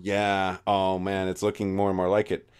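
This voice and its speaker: A man's voice: deep voice, completely flat delivery, normal speed, smooth. A man co-hosting a podcast in casual chat, rambling and profane with many restarts. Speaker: podcast co-host.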